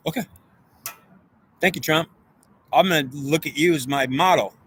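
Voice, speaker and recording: A man's voice: on the high side, moderate pace, a bit bright, slight background noise. A man in an unscripted monologue, rambling in a stream of consciousness and arguing back and forth with himself. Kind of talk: guided visualization.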